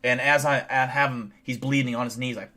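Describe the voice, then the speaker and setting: A man's voice: medium pitch, fairly even intonation, a little fast, pushed and bright. Young guy streaming, cursing a lot, rambling boastful stories, super casual. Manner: rambling, profane, boastful storytelling. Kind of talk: casual live-stream chat.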